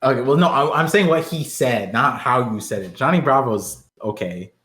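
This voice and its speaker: A man in loose podcast banter, jokey and crude, laughing again and again. His voice sits at an ordinary pitch. The room around him rings with echo. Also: moderate pace, a bit bright. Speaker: podcast co-host. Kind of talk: casual chat. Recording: roomy echo.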